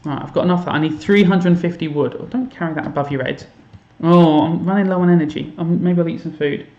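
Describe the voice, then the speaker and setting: A man's voice: on the high side, fast, dull audio. Chatty man in an echoey room. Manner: chatty, self-mocking, thinks aloud and hums little made-up songs. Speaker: teacher streaming to students. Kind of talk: casual live-stream chat while gaming. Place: home room.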